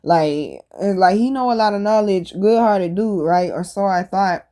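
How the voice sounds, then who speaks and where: A woman hosting a podcast, telling stories in a casual, animated and blunt way, full of slang and swearing. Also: medium pitch, moderate pace. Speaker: podcast host. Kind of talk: casual storytelling monologue.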